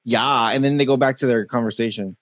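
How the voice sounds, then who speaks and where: A man's voice: medium pitch, steady tone, fairly quick, background noise. A man co-hosting a tech-news podcast, chatting casually, joking and cursing freely. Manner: loose, joking, laughs often, swears. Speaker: podcast co-host.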